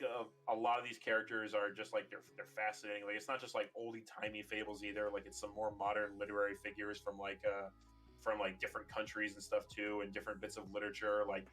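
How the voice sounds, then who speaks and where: A man's voice: fairly low pitch, completely flat delivery, fast talker, fairly bright tone, faint music behind. A young man hosting a podcast, chatting casually and rambling with lots of fillers. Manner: rambling, many fillers, acts out quotes. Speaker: podcast host. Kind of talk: casual chat.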